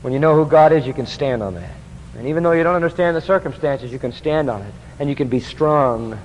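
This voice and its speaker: High-voiced emphatic preacher in a hall. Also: male voice, lively intonation, fast talker, a little hiss or hum. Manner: emphatic, asks the congregation to fill in words. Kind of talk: sermon. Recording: dull lo-fi recording with long hall reverb.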